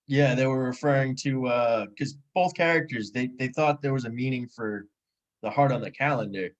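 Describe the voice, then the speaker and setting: Male co-host, average pitch, relaxed halting casual chat. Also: dull audio.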